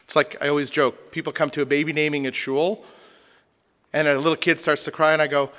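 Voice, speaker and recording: A man's voice: fairly high pitch, level tone, fairly quick, fairly bright tone. A man, a rabbi, lecturing a congregation with humor and rhetorical questions. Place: synagogue hall. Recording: long hall reverb.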